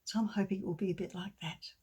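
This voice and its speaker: A middle-aged woman giving a gentle sermon with a children's story, often dropping to a soft near-whisper. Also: medium pitch, steady tone, fast, husky. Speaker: church speaker.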